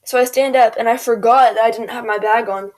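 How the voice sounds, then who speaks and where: A woman's voice: on the high side, steady tone, brisk, a little mellow. Rambling teenage girl telling a story. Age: teens. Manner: rambling, filler-heavy, quotes people in voices. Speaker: gaming video creator. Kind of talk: casual storytime rambling over gameplay.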